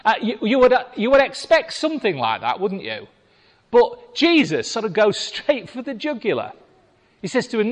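A man's voice: high voice, big pitch swings, normal speed. A British man preaching a sermon in a chatty, wry way, reading scripture and talking with the congregation. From Britain. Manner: conversational, wry asides to the congregation. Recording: reverberant hall.

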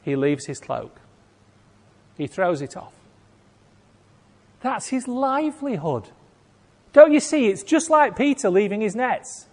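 A man preaching a sermon, telling a story with acted-out voices and big swings between loud and hushed. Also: high-pitched, big pitch swings, slow, long pauses. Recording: long hall reverb.

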